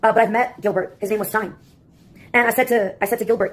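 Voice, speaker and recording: A woman's voice: medium pitch, fairly even intonation, quick pace. A woman delivering a rambling, sarcastic comic monologue that jumps from topic to topic.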